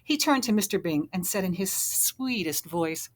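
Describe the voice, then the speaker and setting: A woman reading a children's picture book aloud with expressive narration. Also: mid-range voice, moderate pace, hardly any pauses. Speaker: storybook reader.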